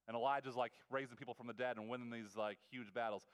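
A male preacher retelling a story in a sermon, in a casual, animated way with asides and quick restarts. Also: mid-range voice, smooth. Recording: long reverb of a large hall.

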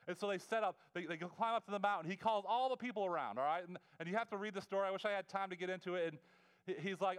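A male preacher retelling a story in a sermon, in a casual, animated way with asides and quick restarts. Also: high voice, clean tone. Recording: long reverb of a large hall.

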